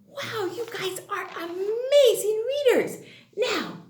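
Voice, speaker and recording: A woman's voice: very high-pitched, expressive, a little slow, roomy sound. A woman teaching an early-grade phonics lesson, sing-song, encouraging and exaggerated as if talking to young children.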